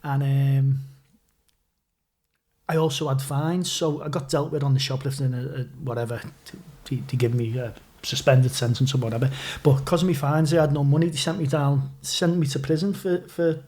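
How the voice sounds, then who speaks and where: A man's voice: mid-range voice, steady tone, moderate pace, warm tone. A man with a Scouse accent, a podcast guest telling rambling anecdotes with lots of swearing and restarts. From Liverpool. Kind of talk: casual storytelling.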